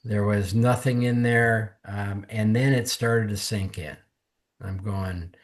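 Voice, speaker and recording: A man's voice: lowish voice, fairly even intonation, slow pace. Earnest man telling his testimony. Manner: earnest, candid storytelling that mimics others' words. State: emotional, close to tears. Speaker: podcast guest. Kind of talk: personal testimony in conversation.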